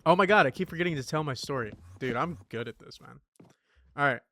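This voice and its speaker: A man's voice: on the high side, expressive, quick pace, sharp tone, a little hiss or hum. Rambling, swearing young man gaming. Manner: loose and rambling, lots of swearing and "dude". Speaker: gaming streamer. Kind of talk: casual gameplay commentary with storytelling.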